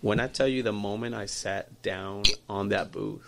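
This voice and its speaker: A man in his thirties, a podcast guest telling a story over drinks in an animated way, acting out the people in it and often repeating and restarting his words. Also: on the low side, normal speed, vocal fry, noisy background.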